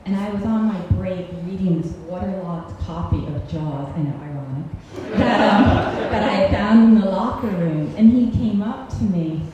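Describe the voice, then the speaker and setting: A woman's voice: mid-range voice, moderate pace, few pauses, lo-fi sound, over a noisy crowd. Wry woman telling a story in a hall. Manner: wry, self-mocking, laughs through her lines. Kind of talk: live storytelling performance. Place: cultural center hall, on stage. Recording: echoey live hall recording with faint hiss.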